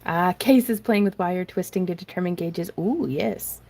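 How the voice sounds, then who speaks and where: Low, gravelly woman crafting on a live stream. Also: moderate pace, mellow. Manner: rambling and self-deprecating, laughs often, reads chat aloud. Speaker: craft tutorial host. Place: home craft room.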